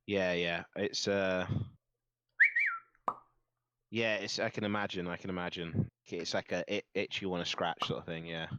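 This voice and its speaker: A man's voice: sits low, little pitch movement, moderate pace, long pauses, a bit bright, clean tone, muffled recording. A man in casual chat on a call, easygoing, laughing a lot and groping for words. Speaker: streamer guest.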